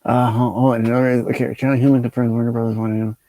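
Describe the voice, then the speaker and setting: A man's voice: mid-range voice, little pitch movement, fast talker, dark tone, dry recording. A man co-hosting a comic podcast, mostly giving short, dry remarks. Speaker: podcast co-host. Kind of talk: casual comic podcast banter.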